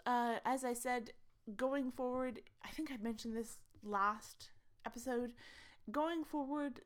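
A woman's voice: medium pitch, a little mellow. A woman hosting a tabletop role-play podcast as its game master, chatting casually through announcements with many fillers and restarts, eager and pleading with her listeners for support.

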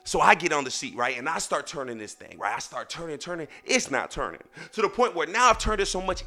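A young man hosting a podcast, telling a dramatic story and working up to shouts. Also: on the high side, big pitch swings, fast, hardly any pauses, soft background music. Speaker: podcast host. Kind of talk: animated storytelling.

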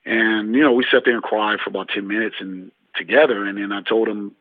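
A basketball coach in an interview, telling stories and acting out what people said. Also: male voice, fairly low pitch, fast, no echo. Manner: animated storyteller, acts out dialogue. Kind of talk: interview storytelling. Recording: husky, tinny phone-like line.

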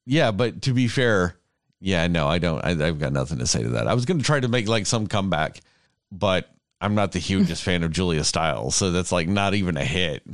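A man's voice: low-pitched, expressive, brisk, no room sound, studio quality. A man, rambling and swearing casually as a podcast host. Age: 30s. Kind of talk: casual chat.

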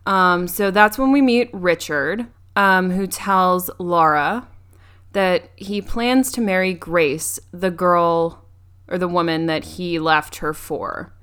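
A young woman talks through a movie's plot in casual podcast chat. Her voice sits a little low and sounds clean and smooth, and she keeps stopping to say um and restart her sentences. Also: takes it slowly, fairly bright tone. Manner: recounts plot with frequent ums and restarts. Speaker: podcast co-host.

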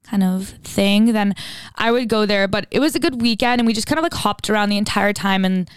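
A woman's voice: mid-range voice, a little fast, smooth, dry recording. A young woman in her twenties chatting casually as a podcast co-host, full of "like" and "literally" as she tells stories with lots of energy. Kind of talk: casual chat.

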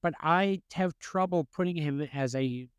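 A male podcast co-host chats casually, animated and laughing often. His voice sits high, and the recording is dry and close. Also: unhurried, smooth, no echo. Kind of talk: casual chat.

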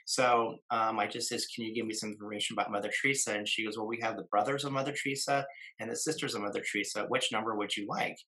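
A man in his fifties tells a personal story at length, halting often with fillers and starting phrases over. His voice sits a little low but sounds bright and forward. He slips into the voices of the people he quotes along the way. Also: steady tone, low-quality recording. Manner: many fillers and restarts, acts out quoted voices. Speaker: guest. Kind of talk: casual storytelling in conversation.

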